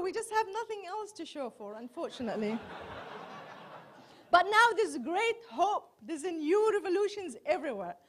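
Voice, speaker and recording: High-voiced woman telling self-mocking stories. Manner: chatty, self-mocking storytelling with wry asides. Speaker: journalist doing stand-up. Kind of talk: stand-up comedy set. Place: large hall before a live audience.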